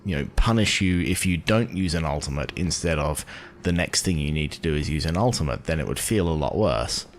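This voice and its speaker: A man giving casual gameplay commentary as a video host, thinking aloud in a musing, drawn-out way. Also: extremely low pitch, lively intonation, slight background noise.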